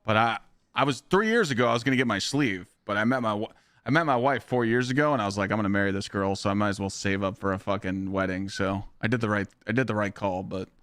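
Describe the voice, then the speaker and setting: A man's voice: lowish voice, fast talker, fairly bright tone, smooth, dry recording, studio quality. A young man live-streaming a game, chatting casually in a rambling, profane way and answering viewers' questions. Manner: profane, rambling, reads chat aloud.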